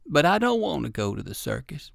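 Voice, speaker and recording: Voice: mid-range voice, very animated, brisk, vocal fry, no room sound, clean studio sound, exaggerated voice. A narrator voicing a sad balloon man. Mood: polite. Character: sad male balloon seller.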